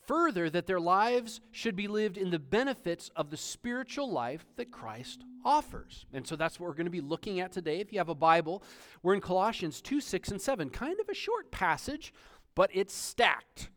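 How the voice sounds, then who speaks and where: A male pastor preaching a sermon, telling a story and stressing key phrases slowly. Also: sits high, very animated, a bit bright.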